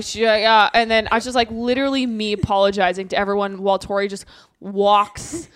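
A woman's voice: medium pitch, a little fast, smooth, dry recording. Chatty woman from the Midwest, dry close sound. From Minnesota. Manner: anxious, animated storytelling with laughs. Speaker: comedian guest. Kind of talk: casual podcast chat.

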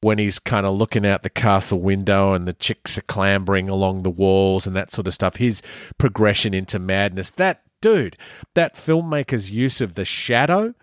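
A young man co-hosting a podcast, chatting casually with animated, slangy, joking banter. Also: low voice, moderate pace, smooth, no room sound, clean studio sound. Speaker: podcast co-host. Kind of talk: casual chat.

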